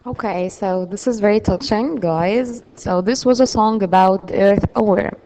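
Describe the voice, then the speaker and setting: A woman's voice: medium pitch, unhurried, dark tone, a little hiss or hum, poor audio. A woman teaching an English lesson, explaining patiently with frequent fillers. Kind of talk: classroom lesson.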